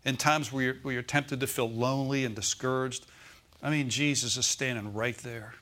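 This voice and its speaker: A man's voice: mid-range voice, fairly even intonation, normal speed, bright, forceful tone. Man preaching a Sunday sermon. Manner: preaching with call-outs of "Amen?" and "Okay?". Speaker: pastor.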